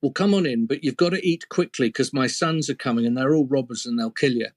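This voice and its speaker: A man voicing a great ancient woman in a forest hut, brisk and warning. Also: medium pitch, darkish tone, natural voice. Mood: urgent.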